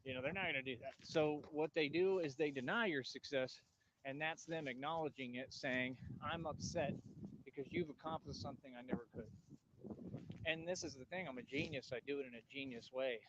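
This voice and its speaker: A man rambling boastfully to his camera in an outdoor vlog, bragging about himself and cooing at squirrels in a high voice. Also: a little fast, a bit bright, dull audio, a little hiss or hum. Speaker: vlogger. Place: outdoors near trees.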